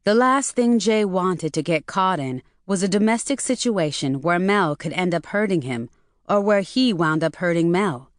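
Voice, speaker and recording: A woman reading an audiobook as narrator, in an even, measured storytelling manner. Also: on the low side, dry recording, clean studio sound. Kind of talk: scripted narration.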